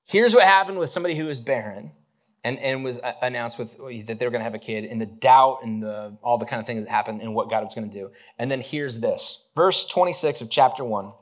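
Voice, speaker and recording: A man preaching a relaxed, conversational sermon, joking with the congregation and talking with many fillers and restarts. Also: medium pitch, brisk. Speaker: pastor.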